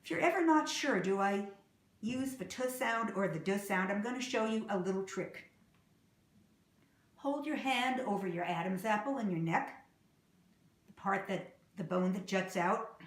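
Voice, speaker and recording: A woman teaching English pronunciation, saying example words slowly and clearly and repeating them. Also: medium pitch, animated, reverberant. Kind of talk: slow, deliberate pronunciation lesson.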